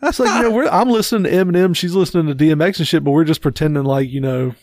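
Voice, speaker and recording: A man's voice: fairly high pitch, racing, darkish tone, no echo, clean studio sound. A man co-hosting a podcast, telling a loose, rambling story in casual chat with many fillers. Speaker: podcast co-host.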